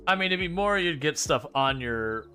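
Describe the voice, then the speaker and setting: A man's voice: fairly high pitch, animated, moderate pace, sharp tone, faint music behind. Laughing male gaming streamer. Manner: laughs often, rambling and joking. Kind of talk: casual gameplay commentary.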